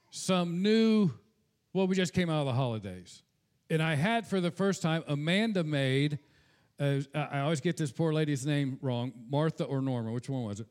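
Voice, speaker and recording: A man's voice: a little high, a little mellow. A pastor preaching a sermon in an earnest tone, slipping into casual asides and repeating words when he speaks off the cuff.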